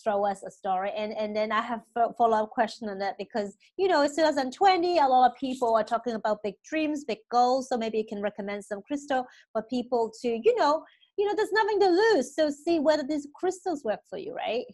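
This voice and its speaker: A woman's voice: on the high side, expressive, brisk, a little mellow. A woman hosting a casual interview, asking questions with enthusiastic, loosely phrased speech and fillers. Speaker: interview host.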